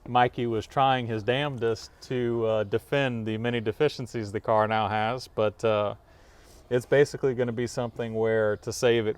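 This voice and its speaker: Garage host guy, easy laughing chat, smooth clean voice. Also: on the low side. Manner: upbeat, quick to laugh, rambling explanations. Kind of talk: casual chat.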